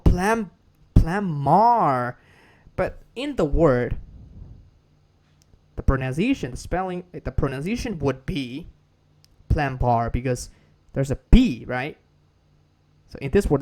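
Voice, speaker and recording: A man with a Burmese accent giving a casual spoken English lesson, repeating and restarting phrases and drilling words for listeners to copy. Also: medium pitch. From Myanmar. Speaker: English teacher.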